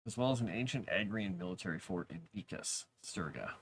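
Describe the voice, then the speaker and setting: A man's voice: low voice, lively intonation, brisk, slight background noise. A man chatting casually on a live stream while writing fantasy lore, rambling, talking to his cat and reading chat aloud.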